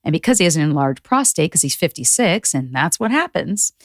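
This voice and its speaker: Animated woman host telling a story. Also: low voice, brisk, dry recording, studio quality. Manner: animated storytelling, acting out quotes, swearing and laughing. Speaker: podcast host. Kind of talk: casual chat.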